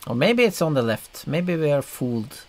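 Creaky-voiced man reacting to videos. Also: a little high, very animated, normal speed, a little mellow. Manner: rambling, filler-heavy, chuckling. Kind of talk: casual commentary reacting to videos.

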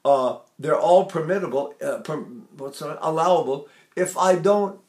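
A man's voice: fairly high pitch, measured pace, darkish tone, roomy sound. An older man teaching a vocal lesson, talking in a rambling way and breaking off to sing and mimic examples. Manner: rambling, demonstrates by singing and mimicking.

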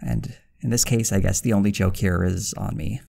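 A man's voice: sits low, fairly even intonation, normal speed, gravelly, warm tone. A man narrating a scripted commentary video in a dry, critical manner. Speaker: video essayist.

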